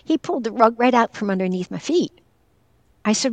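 An older woman from northwestern Pennsylvania, a caregiver and former teacher, tells a personal story as an interview guest with earnest candor, quoting others directly. Her voice is fairly high, brisk and lively in intonation, in a dry, muffled recording.

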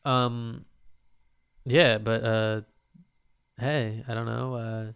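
A man's voice: mid-range voice, level tone, drawn-out words, creaky, fairly bright tone, clear, resonant tone. A young man hosting his own podcast, rambling casually and swearing freely as he talks into a microphone. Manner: rambling, profane and laid-back, often laughing. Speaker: podcast host. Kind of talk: casual solo podcast monologue.

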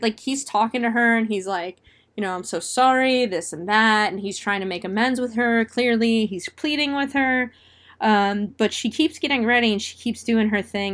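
A woman casually retelling a movie plot in a chatty, profane way, full of fillers and laughs. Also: mid-range voice. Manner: laughs often while retelling. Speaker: film reviewer.

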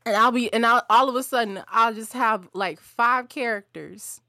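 A woman voice actor chatting on a podcast, telling animated stories with quick restarts. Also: a little high, dry recording, clean studio sound. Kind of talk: casual podcast chat.

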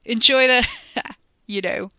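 Woman voicing a sneering young troublemaker, mocking tone, bright, dry. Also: mid-range voice, moderate pace, no echo, close to an everyday voice. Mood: taunting. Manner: mocking, taunting. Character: sneering young man, smug troublemaker cousin.

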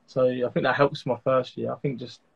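A man's voice: medium pitch, flat delivery, normal speed, gravelly, husky. A man speaking as a guest in a casual chat, modest and hesitant, with lots of fillers. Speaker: guest breeder. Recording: dull lo-fi sound.

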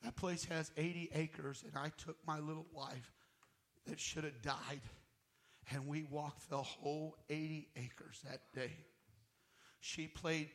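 A male guest minister preaching a sermon, telling his own story with emotion, swinging from fervent loud passages to hushed near-whispers. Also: on the high side, steady tone, slow pace. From United States. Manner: emotional testimony, voice rising to loud fervor and dropping to near-whisper.

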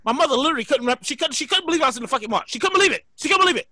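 High, rapid-fire woman storyteller. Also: dry recording. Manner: animated, profane, repeats herself. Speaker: podcast host. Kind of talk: casual storytelling.

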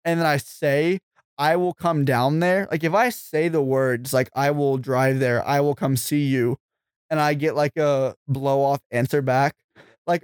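A man's voice: fairly high pitch, steady tone, measured pace, clear, resonant tone, dry recording. A young man in casual chat, ranting and swearing as he gets heated about flaky friends. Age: young adult.

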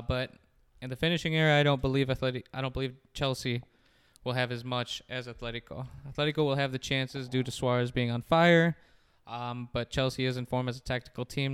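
A man's voice: mid-range voice, clear, resonant tone. A man co-hosting a casual sports podcast, rambling and jokey as he gives his football picks. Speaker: podcast co-host.

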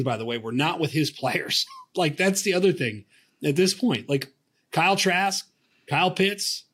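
A man with a somewhat high voice chatting about college football as a co-host. He talks in a loose, opinionated way, often restarting his sentences mid-thought. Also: a bit bright, husky. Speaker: podcast co-host. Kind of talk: casual sports chat.

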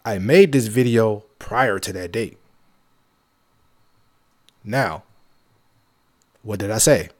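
A man's voice: fairly low pitch, slow, pauses often. A man hosting his own show, talking in a casual monologue, emphatic and repetitive, with joking asides. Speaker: podcast host.

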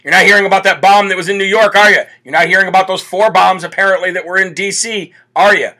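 A man's voice: sits high, fairly even intonation, fast talker, pushed and bright. A man hosting a political talk show, giving brash, mocking commentary full of rhetorical questions. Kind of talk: opinionated live commentary.

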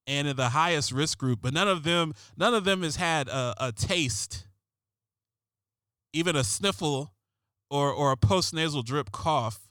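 A man hosting a talk radio show, ranting sarcastically in a rambling way, repeating himself and getting louder and higher on his punchlines. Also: no echo, clean studio sound. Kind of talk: comedic political rant.

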